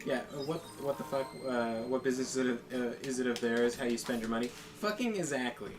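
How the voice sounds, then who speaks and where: A man's voice: mid-range voice, flat delivery, quick pace. A man chatting casually during a game session, ranting in a profane, rambling way and often breaking into laughter. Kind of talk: casual chat. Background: game music.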